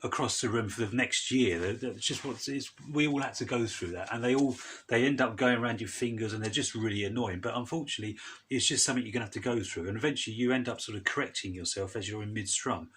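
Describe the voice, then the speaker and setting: A man giving a casual, chatty guitar lesson in a relaxed way, with loose restarts and asides. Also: mid-range voice, quick pace, slight background noise. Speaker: guitar teacher. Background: guitar strumming loudly.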